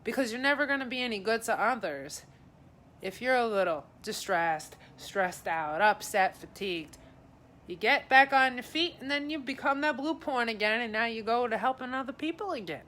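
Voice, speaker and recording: Bright-voiced chatty woman psychic. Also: fairly high pitch, expressive, normal speed. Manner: chatty, addresses viewers by name, relays messages. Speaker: psychic advisor. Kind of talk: live-streamed psychic reading.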